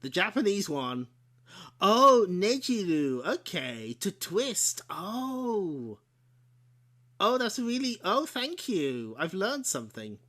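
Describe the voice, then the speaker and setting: Very animated but slow-paced, a man with a high, fairly bright voice hosts a game stream. He giggles and chats casually as he shows off old game discs, laughing often and correcting his own words.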